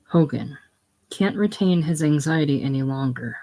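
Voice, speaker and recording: Slow, low-key play reader. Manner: plain, low-key reading of stage directions. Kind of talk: casual play reading.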